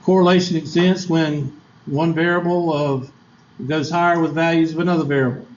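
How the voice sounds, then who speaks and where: A man's voice: a little high, fairly even intonation, normal speed, a little hiss or hum. A man teaching statistics in a classroom lecture, folksy and chatty, quizzing his students with asides. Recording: echoey lo-fi classroom recording.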